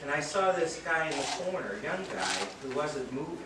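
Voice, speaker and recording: A man's voice: a little high, sing-song, a little fast. Earnest man telling stories in a very echoey event space. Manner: earnest storytelling with light self-deprecating humor. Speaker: treatment center director giving a speech. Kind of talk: public speech at a charity event. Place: event venue, indoors or under a tent. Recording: very echoey, distant from mic, noisy.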